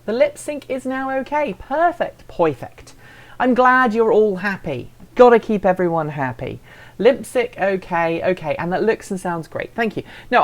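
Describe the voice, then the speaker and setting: A woman hosting a casual live stream, chatting and answering viewer comments in a playful, self-deprecating way. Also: medium pitch.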